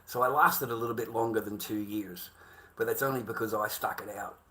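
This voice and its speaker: A man's voice: on the low side, steady tone, brisk, bright, forceful tone. A man livestreaming a casual monologue, ranting in a heated, profane, repetitive way.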